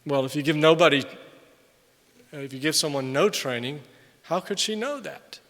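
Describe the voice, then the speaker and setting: An older man, a missionary, giving an animated conference sermon, loud on emphasis and quiet in asides. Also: on the high side, normal speed. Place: large hall. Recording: long hall reverb from a distance.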